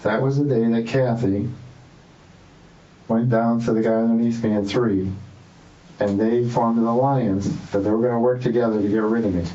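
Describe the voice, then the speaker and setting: A man's voice: medium pitch, warm tone, roomy sound, lo-fi sound. A man being questioned by police, rambling and repeating himself defensively. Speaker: suspect in police interrogation. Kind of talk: interrogation interview. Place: interrogation room.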